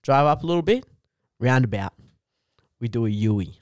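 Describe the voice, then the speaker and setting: A man's voice: medium pitch, normal speed, no echo, studio quality. A young Australian man telling a rambling, sweary story on a podcast, saying dude constantly and laughing as he goes. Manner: animated, laughs through own story. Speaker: comedian guest.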